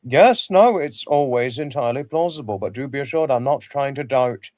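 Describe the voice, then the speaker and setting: A man's voice: medium pitch, fairly quick, a little mellow, no echo. Rambling male livestream host, dry sound. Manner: rambling, repeats himself, greets viewers by name. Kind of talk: casual chat with viewers.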